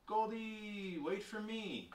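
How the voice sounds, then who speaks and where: A man voicing an excited, bossy little girl who talks in high, animated squeals. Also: normal speed, roomy sound, far from the mic, slight background noise.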